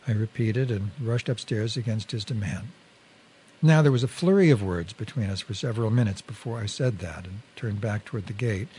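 Husky man reading a wry story. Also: fairly low pitch, mellow. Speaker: reader. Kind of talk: reading a first-person story aloud.

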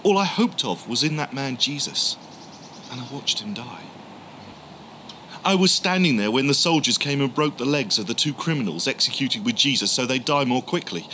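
Brief: man voicing a bitter, stubborn disciple in a storytelling podcast, halting, breaking off and restarting, bright, ringing tone, slightly high voice. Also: a little hiss or hum. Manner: halting, emotional, repeats words. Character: grieving doubting male disciple, bitter and stubborn. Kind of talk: first-person dramatic storytelling.

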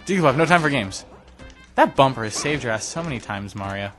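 A young man giving casual, self-deprecating gameplay commentary, breaking into sudden excited yelps. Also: mid-range voice, fairly quick, soft background music. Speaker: let's play commentator.

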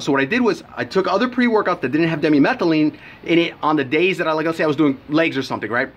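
A man's voice: on the high side, animated, fast talker, a bit bright. A young man giving a brash, profane supplement review in a casual vlog, telling his story with lots of animation.

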